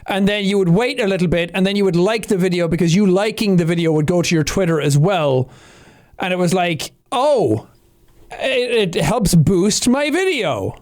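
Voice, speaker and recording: An Irish man reacting to his own old gaming videos in casual commentary, animated with loud playful outbursts. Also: high-pitched, fairly quick.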